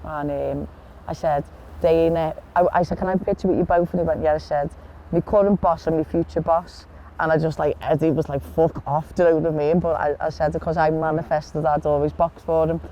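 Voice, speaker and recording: A woman's voice: low voice, little pitch movement, fairly quick, dark tone, muffled recording, a little hiss or hum. A woman boxer in a casual interview, blunt and chatty, swearing freely as she tells stories. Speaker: boxer guest.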